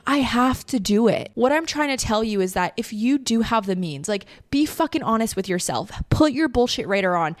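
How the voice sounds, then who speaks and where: A woman's voice: on the high side, fairly quick, no echo, clean studio sound. Candid, emotional woman podcast host. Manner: candid, emotional, swears freely. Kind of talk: casual heartfelt monologue.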